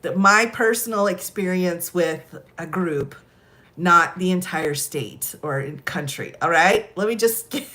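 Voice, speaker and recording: A woman's voice: on the low side, measured pace, bright, forceful tone. A woman chatting casually on a live stream, telling stories and laughing often. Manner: giggly, chatty, lots of laughter.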